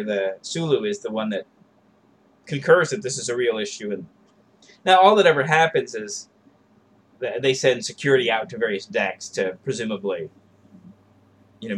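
A male podcast co-host, his voice lowish and a bit bright, speaks at a moderate pace with frequent pauses over slight background noise. In casual discussion he works through ideas thoughtfully and digressively, musing on tactics and history.

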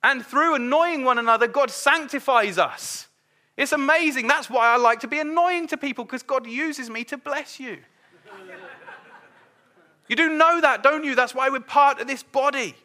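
A middle-aged man preaching a sermon in a lively, conversational way, acting out the voices he quotes. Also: very high-pitched, normal speed.

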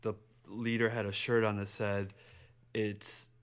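A man's voice: on the low side, flat delivery, measured pace. A young man co-hosting a casual podcast on a studio mic, blunt and hesitant, with many ums. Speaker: podcast co-host.

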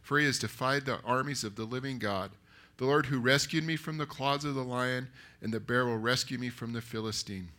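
Bright-voiced man preaching a story. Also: mid-range voice, fairly quick. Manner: animated, acts out the characters. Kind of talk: storytelling sermon. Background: live audience.

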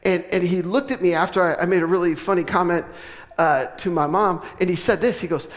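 A middle-aged man preaching a sermon, telling a funny family story with laughs, then building to loud, emphatic preaching. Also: sits high, fairly quick. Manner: animated, joking, with laughs and sudden loud preaching. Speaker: pastor. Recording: long reverb of a large hall.

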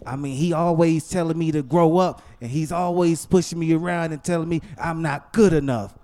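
A young man acting out a comedy sketch in an animated, slangy, joking way. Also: fairly high pitch, brisk.

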